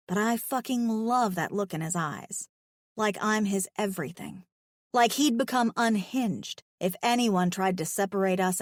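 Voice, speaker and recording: A woman's voice: mid-range voice, no echo, studio quality. A woman narrating a first-person romance audiobook in a frank, wry, playful way.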